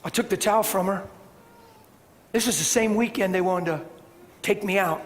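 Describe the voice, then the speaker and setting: Animated high-voiced preacher. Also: male voice, moderate pace. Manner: animated storytelling, swings from loud bursts to hushed tones. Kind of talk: sermon with personal story. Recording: reverberant hall with faint background hiss.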